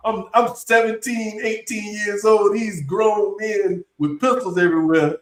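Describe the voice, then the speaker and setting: A man telling a story in a relaxed, laid-back casual chat. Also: sits high, measured pace, hardly any pauses. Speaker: instructor. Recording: echoey, from far off the mic.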